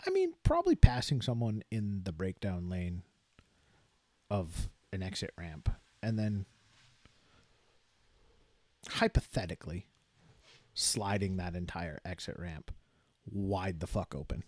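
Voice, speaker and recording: Man, 40s, podcast co-host, profane storyteller, low husky voice, dry close mic. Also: very animated, unhurried, pauses often, a little mellow, no echo. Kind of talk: casual chat.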